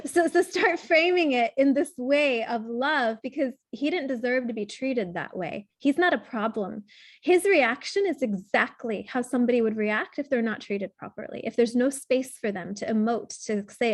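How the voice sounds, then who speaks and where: A woman trauma coach guiding a client in a coaching session, speaking gently and earnestly, as if over a video call. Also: fairly high pitch, expressive, moderate pace, no echo, clean studio sound. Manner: gentle, tender, earnest explaining.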